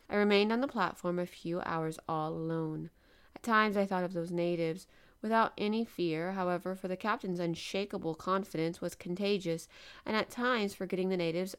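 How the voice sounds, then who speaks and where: A woman hosting a podcast, reading a classic novel aloud in a lively way and giving the dialogue voices. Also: fairly low pitch, clear, resonant tone. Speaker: podcast host and reader.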